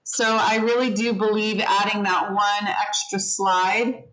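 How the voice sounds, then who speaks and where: On a slightly poor recording, a woman with a mid-range, somewhat bright voice teaches an online English class at a measured pace and in a level tone. She is encouraging, giving feedback patiently and explaining how word stress changes pronunciation.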